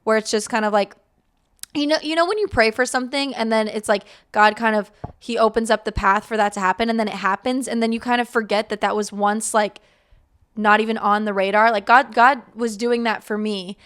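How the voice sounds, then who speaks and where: A woman's voice: on the high side, steady tone, fairly quick, fairly bright tone, clean tone. A young woman hosting a faith podcast, talking casually and rambling with lots of fillers, animating her retold thoughts. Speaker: podcast host.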